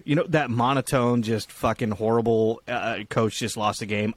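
A young man co-hosting a casual podcast, talking in loose, rambling runs and restarting his sentences. He swears freely and his voice sits at an ordinary middle pitch. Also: lively intonation, normal speed, few pauses, breathy edge, no room sound. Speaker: podcast co-host. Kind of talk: casual chat.

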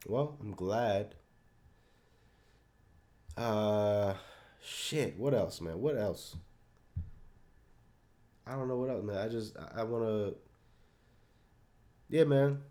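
Speaking in a mid-range, slightly mellow voice, a young man runs a solo podcast and talks off the cuff. He rambles loosely, swears, pokes fun at himself and uses plenty of fillers.

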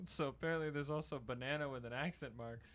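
A man's voice: on the high side, normal speed, background noise. A young man in casual chat, joking around in a goofy way and laughing often.

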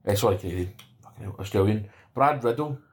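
A man's voice: fairly low pitch, lively intonation, fast talker. A man with a Scottish accent, co-hosting a podcast in casual chat about fights, bantering in a laid-back way. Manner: laid-back banter, calls people mate. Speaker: podcast co-host.

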